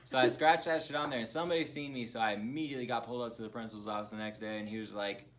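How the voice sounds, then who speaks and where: A man's voice: mid-range voice, steady tone, racing, a bit bright. A man co-hosting a comedy podcast, telling profane childhood stories in a loose, laughing way. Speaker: podcast co-host. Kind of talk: casual chat.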